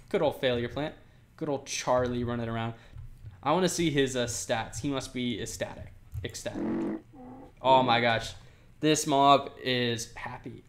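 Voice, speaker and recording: A man chatting through his gameplay in a loose, rambling way, often breaking into giggles. His voice sits at an ordinary middle pitch. A faint hiss runs under the recording. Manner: rambling, giggly, talks to game animals. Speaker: Minecraft let's player. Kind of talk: casual gameplay commentary.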